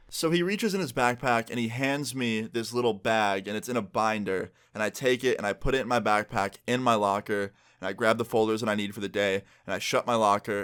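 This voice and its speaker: A young man telling a story from his school days in a relaxed, slangy way, filler words throughout. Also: medium pitch. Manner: laid-back, slangy, lots of "like" and "bro". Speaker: YouTuber. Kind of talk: casual storytime vlog.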